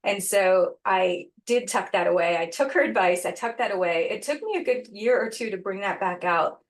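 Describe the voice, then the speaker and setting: On an interview podcast, a guest shares something personal in an earnest, thoughtful way. Her voice is mid-range, and she pauses and starts over at times.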